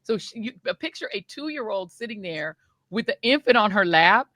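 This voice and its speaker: A middle-aged woman tells a story on her podcast in a casual, animated way, often laughing and slipping into other people's voices. Her pitch swings widely and her tone is bright. The recording is dry and close. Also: normal speed, no echo. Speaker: podcast host.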